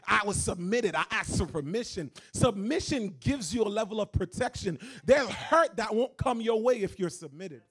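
A man's voice: high-pitched, expressive, moderate pace, few pauses. A young man of Haitian background in his twenties, preaching a sermon as a guest pastor with emphatic, repetitive phrasing. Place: church.

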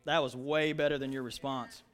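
A man's voice: medium pitch, steady tone, normal speed, a bit bright, clean tone. A man preaching a sermon as pastor, telling stories and acting out lines with passion. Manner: impassioned preaching, retelling stories with voices.

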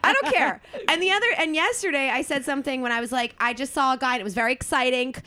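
A woman from South Jersey with a Philadelphia-area accent, chatting casually as a podcast host, excitable and profane, gasping and exclaiming often. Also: high-pitched, quick pace, background noise. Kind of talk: casual chat.

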